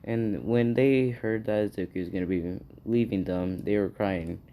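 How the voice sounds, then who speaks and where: A man's voice: fairly low pitch, moderate pace, dark tone, slight background noise. A man improvising a fan story aloud, rambling and hesitant as he thinks it up.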